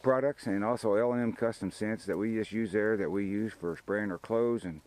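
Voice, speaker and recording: Over poor audio, an older man with a fairly low, slightly mellow voice talks at a moderate pace with fairly even intonation. Hosting a hunting show beside a field, he gives casual, folksy, rambling commentary on the hunt and his sponsors.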